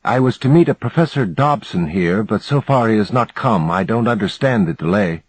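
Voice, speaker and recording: Male reader voicing a formal Scandinavian professor, polite and anxious, pitched higher than his deep husky voice. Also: animated, moderate pace, no echo. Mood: polite, worried.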